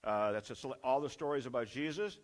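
A man's voice: mid-range voice, fast. A man preaching a sermon, asking the congregation rhetorical questions and driving points home through repetition.

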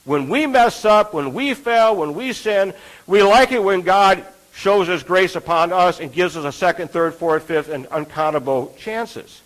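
High-voiced earnest male preacher. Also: a little slow, fairly bright tone, poor audio. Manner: earnest, conversational preaching with rhetorical questions. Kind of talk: sermon.

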